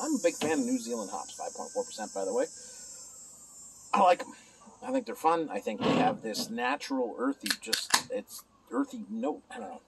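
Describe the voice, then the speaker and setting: A man's voice: high-pitched, creaky, slight background noise, low-quality recording. A man casually reviewing a beer alone at home, rambling and chatting to his viewers and to himself.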